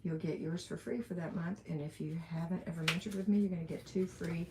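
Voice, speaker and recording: A livestream host with an Alabama accent, a fast talker with a voice on the low side and a steady tone, chats through a casual live question session. She reads viewer comments aloud and laughs now and then, and background noise comes through from her room at home with the window open.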